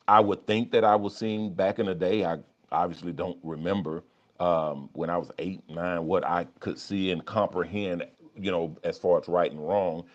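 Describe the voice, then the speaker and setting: A low-voiced man speaking as a life coach on a livestream. His talk is candid and conversational, full of repeats and restarts. The audio is dull and lo-fi. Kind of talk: livestream talk reading chat.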